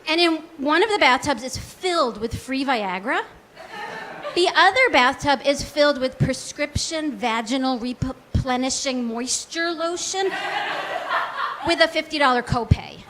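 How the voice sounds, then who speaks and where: A woman in her forties performs stand-up in a small comedy club, her voice sitting high. She talks in a chatty, self-deprecating way, full of likes and ums, with a faint hiss under the mic. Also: lively intonation, a little slow. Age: 40s.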